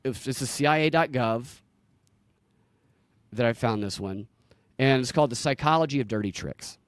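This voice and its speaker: A man's voice: medium pitch, moderate pace, clear, resonant tone, no echo. Rambling Southern man on a podcast. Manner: rambling storyteller, laughs easily. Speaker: podcast host. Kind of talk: casual podcast chat.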